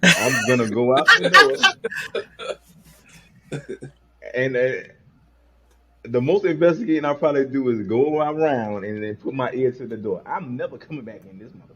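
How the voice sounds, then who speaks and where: A man's voice: medium pitch, moderate pace, long pauses, pushed and bright, slight background noise, low-quality recording. A man on a casual podcast, talking emphatically and repeating himself for effect.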